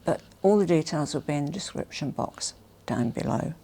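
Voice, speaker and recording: A woman vlogger presenting a haul in a casual, gushing and emotional way, often dropping to soft whispers. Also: low-pitched, animated, normal speed, vocal fry, husky. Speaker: fashion vlogger.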